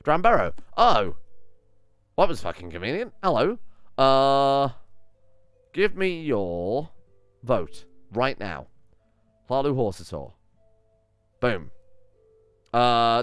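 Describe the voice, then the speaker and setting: A man's voice: mid-range voice, very animated, takes it slowly, pauses often, fairly bright tone, clean tone, no echo, faint music behind. A man giving casual, chatty commentary while playing a video game, thinking aloud and swearing freely. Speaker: let's play host.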